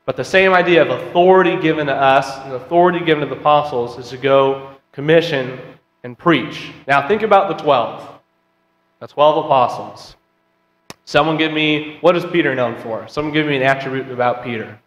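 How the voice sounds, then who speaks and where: Guy teaching bible class, kinda high voice, big echoey church hall. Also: moderate pace, fairly bright tone. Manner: conversational, asks the class questions, reads scripture aloud. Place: church auditorium. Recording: roomy hall with long reverb.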